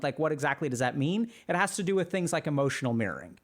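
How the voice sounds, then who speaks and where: On a livestream, a streamer and psychiatry educator explains ideas casually and animatedly, filling his talk with fillers. His voice sits on the high side, and he talks fast with few pauses.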